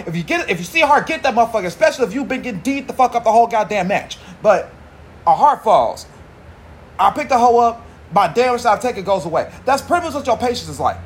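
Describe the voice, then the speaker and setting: A high-pitched man runs a solo podcast. He rambles and swears freely, heavy on slang. A faint hiss of noise sits under his voice. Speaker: podcast host. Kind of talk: casual monologue.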